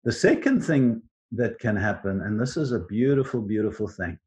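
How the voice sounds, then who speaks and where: A man teaching on contemplative prayer in a gentle, earnest way, with frequent restarts. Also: fairly low pitch, expressive, normal speed, highs cut off. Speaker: Christian teacher.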